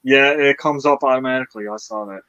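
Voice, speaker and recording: A man's voice: medium pitch, fast, pushed and bright, clean tone, no room sound. Stream host guy, dull lo-fi dry mic, explaining chat stuff plainly. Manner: practical, giving chat instructions. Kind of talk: casual chat on a live stream.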